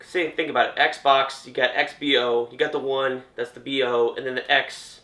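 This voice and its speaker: A young gaming commentator with a mid-range, pushed and bright voice gives a chatty, jokey reaction to gaming news at a moderate pace with little pitch movement. He often trails off and restarts, and the casual reaction commentary has a roomy echo.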